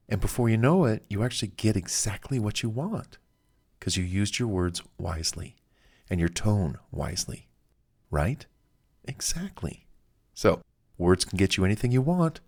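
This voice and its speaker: A man's voice: mid-range voice, a little mellow. A man narrating a self-help audiobook in a casual, anecdotal way, with fillers and the odd chuckle.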